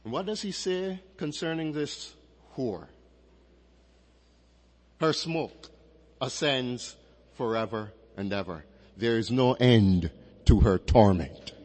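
A man preaching an expository sermon, measured and emphatic, drawing out key phrases as he reads and explains scripture. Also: mid-range voice, a little mellow. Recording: long reverberant hall.

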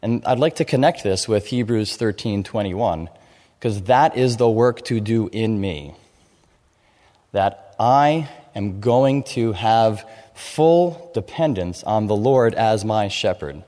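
A man preaching an expository sermon, explaining scripture in a measured way and reading verses aloud. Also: lowish voice, animated, dark tone. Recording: long hall reverb.

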